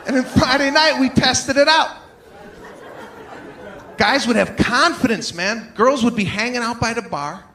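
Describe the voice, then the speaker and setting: A male stand-up comedian telling stories in an exasperated, animated way on a large theater stage. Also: very high voice, a little slow, pauses often, a faint crowd. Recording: echoey theater with long reverb and audience noise.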